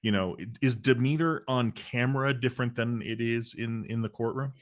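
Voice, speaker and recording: A man's voice: medium pitch, normal speed. A man hosting an interview, asking conversational questions and laughing along with his guest. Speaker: interview host.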